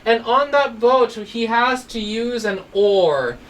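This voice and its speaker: A woman's voice: on the high side, animated, slow pace, recorded from a distance, a little hiss or hum, poor audio. A woman teaching a child English phonics, telling a story and asking patient questions. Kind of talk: online phonics lesson for a child.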